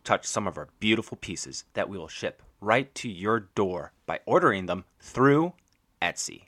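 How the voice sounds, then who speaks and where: Man doing a podcast sign-off, mock-grand, pitch jumping all over. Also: big pitch swings, normal speed, fairly bright tone. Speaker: podcast host reading the outro. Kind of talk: scripted outro read.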